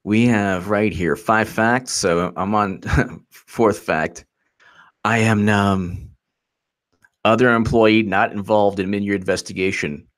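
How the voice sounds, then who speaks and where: A man's voice: fairly low pitch, a bit bright. A man hosting a casual political commentary channel, sarcastic and mocking as he reads messages aloud.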